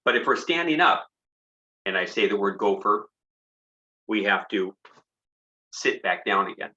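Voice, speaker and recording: A man with a bright, forceful voice reads his own poems to young children, playful and encouraging as he invites them to join in. The recording from an online concert sounds slightly dull and lo-fi. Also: lowish voice, expressive, a little slow. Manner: playful and encouraging, leading the audience in sound effects. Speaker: children's poet and songwriter performing for families. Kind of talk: interactive poetry reading for children.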